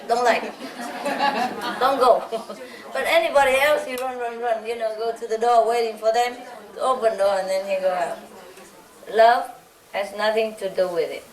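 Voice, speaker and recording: A woman with a fairly high voice chats fondly to a gathered audience, chuckling often as she tells her stories. She is picked up from a distance in a roomy hall. The audience laughs along. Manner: chuckles often, playful and fond. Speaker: spiritual teacher speaking to a gathering. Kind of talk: casual anecdotal talk to an audience.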